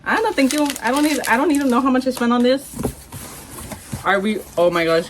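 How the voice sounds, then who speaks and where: A young woman from Texas vlogging an unboxing, hyper and excitable, swearing a lot and squealing. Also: mid-range voice, fairly quick, heavy background noise. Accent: Texan. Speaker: vlogger unboxing masks and merch. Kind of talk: casual unboxing vlog.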